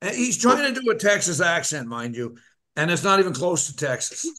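A man hosting a casual, joking bar chat on a live stream, talking in loose, drawn-out banter. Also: a little high, lively intonation, crowd noise. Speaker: podcast host.

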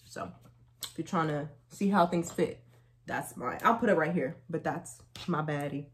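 A young woman chatting casually through a try-on haul, telling stories in lively slang. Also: sits low, moderate pace, a little hiss or hum. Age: young adult. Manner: chatty, animated storytelling with slang. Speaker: vlogger.

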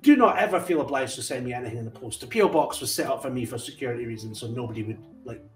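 A Scottish man chatting casually in a vlog as he opens his fan mail, with frequent warm exclamations and asides to his cat. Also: mid-range voice, lively intonation, racing, recorded from a distance, soft background music. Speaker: coin collecting channel host. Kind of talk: casual vlog chat while opening mail.

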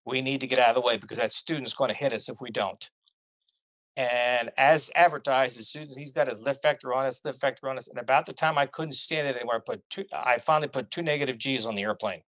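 Brief: middle-aged male guest spinning lively anecdotes, mid-pitched, dry and close. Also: quick pace, no room sound. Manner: animated storyteller, laughs at his own tales. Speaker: guest, corporate pilot. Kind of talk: casual storytelling chat.

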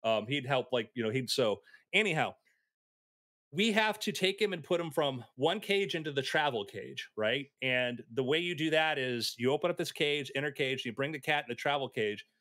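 A man telling anecdotes in a casual chat, animated and acting out the voices of people in his stories. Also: mid-range voice, normal speed, no echo. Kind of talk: casual storytelling.

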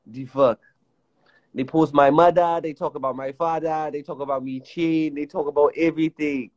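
A man from the Washington DC area talks off the cuff on a livestream. His voice sits a bit high and he jokes, swears and laughs through his rant. The sound is dull and lo-fi. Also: steady tone, normal speed. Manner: joking, profane, laughs often.

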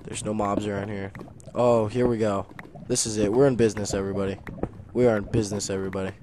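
A young man commentating his own game as a gaming channel host, nervous and excitable, muttering quietly, then bursting into loud exclamations. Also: fairly low pitch, fast talker, noisy background. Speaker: gaming YouTuber. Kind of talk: let's play commentary.

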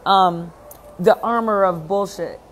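A woman's voice: medium pitch, slow pace, a little hiss or hum. A woman hosting a casual live chat with viewers, talking in a blunt, emphatic way and swearing freely. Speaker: event host and speaker.

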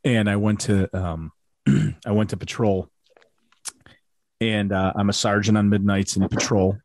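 A man's voice: on the low side, steady tone, a little slow, darkish tone, dry recording, clean studio sound. A middle-aged man, the host and a former police sergeant, chatting with his guest and prompting him with questions. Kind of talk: interview host.

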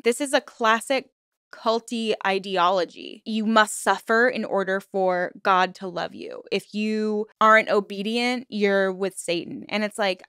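Young female commentary host; indignant, emphatic delivery, clean smooth tone, dry booth sound. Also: mid-range voice, animated, moderate pace, a bit bright, no echo. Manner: indignant, emphatic, heavy use of "like". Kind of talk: true-crime commentary.

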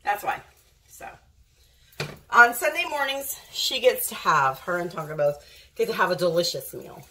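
A woman's voice: fairly low pitch, lively intonation, normal speed, pushed and bright, slight background noise. A woman filming a casual cooking vlog in her home kitchen, chatting to viewers and doting on her dog. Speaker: dog owner vlogger.

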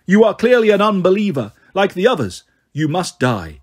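Man voicing a pompous old ghost priest, booming, indignant, husky edge, storybook reading. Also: big pitch swings, normal speed, exaggerated voice.

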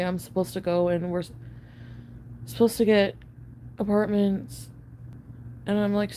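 A woman venting to camera in a rambling, profane confessional rant. She says she is high on an edible, and her speech is full of fillers and restarts. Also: warm tone, a little hiss or hum. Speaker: online video creator.

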